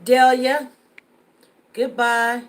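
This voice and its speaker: Earnest high-voiced woman hosting a live stream. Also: little pitch movement, very slow. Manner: earnest, repeats herself for emphasis. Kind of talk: casual live-stream chat.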